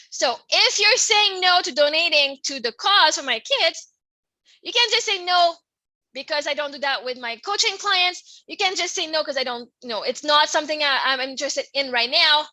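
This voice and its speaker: High bright woman w/ french canadian accent, rambly podcast talk, says "right?" a lot, dry close sound. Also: moderate pace, no room sound, low-quality recording. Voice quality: expressive, laughs often, swings from soft to loud. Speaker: podcast host. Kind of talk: casual personal monologue.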